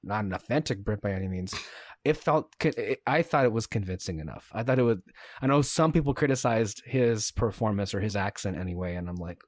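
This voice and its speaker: A man's voice: on the low side, expressive, fairly quick, dry recording. A man co-hosting a podcast, talking casually and hesitantly with many fillers and self-corrections. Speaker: podcast co-host reviewing a TV series.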